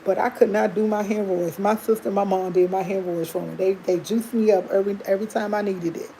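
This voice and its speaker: A woman's voice: medium pitch, fairly even intonation, quick pace, mellow, slight background noise, low-quality recording. A woman hosting a livestream, chatting candidly to her viewers and laughing often as she tells a personal story. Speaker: livestream host.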